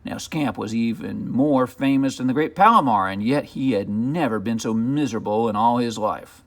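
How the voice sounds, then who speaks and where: A man reading a children's picture book aloud as narrator, with expressive, dramatic storytelling. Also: medium pitch, moderate pace.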